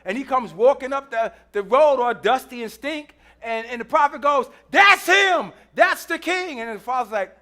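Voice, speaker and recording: A man's voice: extremely high pitch, moderate pace, few pauses, a bit bright. A man preaching a sermon in a church, telling a story with humor, acting out the people in it and repeating phrases for emphasis. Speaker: pastor.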